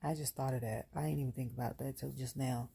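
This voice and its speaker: Gravelly-voiced woman ranting bluntly. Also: rumbling low, fast. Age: adult with a son. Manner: animated, blunt, slangy ranting. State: near tears. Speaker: wrestling show reviewer. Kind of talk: casual ranting commentary.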